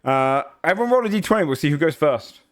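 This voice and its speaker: A man's voice: fairly high pitch, animated, fast talker. A man narrating as game master in a tabletop game, rambling and hesitant with many fillers.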